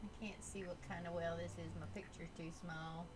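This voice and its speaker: A woman's voice: lowish voice, fairly even intonation, brisk. A woman hosting a drawing livestream from home, chatting casually, reading chat aloud and laughing often. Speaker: art livestream host.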